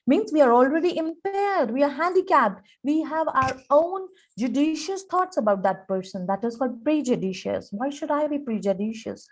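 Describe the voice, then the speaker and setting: A woman's voice: sits high, animated, normal speed. A woman with an Indian accent giving a personality-development webinar lecture, earnest and emphatic, acting out examples in dialogue. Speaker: professor giving a training webinar.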